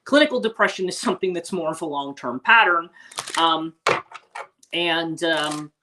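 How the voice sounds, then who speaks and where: A woman's voice: on the low side, lively intonation, normal speed, background noise. A woman hosting a casual morning livestream, chatting with viewers and rambling with many restarts and asides. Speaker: host; teacher and life coach.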